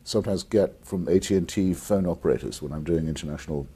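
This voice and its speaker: A man's voice: low-pitched, quick pace, dark tone, slightly rough. A man in his fifties from England with an English accent, a guest on a call-in interview, articulate and combative, with frequent restarts. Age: 50s. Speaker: interview guest taking viewer calls.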